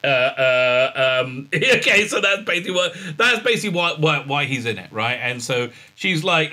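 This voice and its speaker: A man's voice: fairly high pitch, lively intonation, moderate pace, hardly any pauses, bright, forceful tone. A man recapping a TV episode in a sarcastic, ranting tone, with many "uh"s and sighs of exasperation. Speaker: show reviewer.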